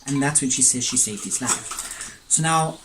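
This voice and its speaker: A chatty man tells a story while eating, tasting his food between sentences and wandering off into asides. His voice sits at an ordinary middle pitch. A faint steady noise runs behind him at home. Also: a little slow. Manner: rambling, digressive, chatty. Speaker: mukbang vlogger.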